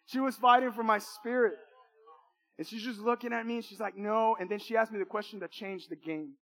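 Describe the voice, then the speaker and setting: A man's voice: high-pitched, steady tone, fairly quick, fairly bright tone. A man preaching a sermon, telling a personal testimony in an emphatic, repetitive way with emotional swings.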